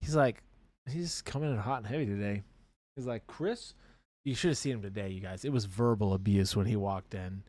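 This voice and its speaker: On a hobby painting livestream, a man co-hosts with casual banter, teasing his partner, laughing often and slipping into playful announcer bits. His voice is lowish, brisk and a little mellow, recorded dry.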